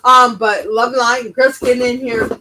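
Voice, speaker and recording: A woman co-hosting a casual livestream, telling stories in an animated way and swearing freely. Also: on the high side, moderate pace, rough recording. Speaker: co-host.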